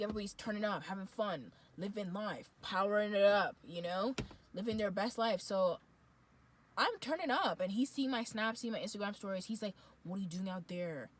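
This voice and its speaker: A woman, telling a dating story to camera in a lively, slangy, dramatic way. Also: medium pitch, slight background noise, rough recording. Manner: animated, slangy, dramatic retelling. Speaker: vlogger. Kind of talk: storytime monologue.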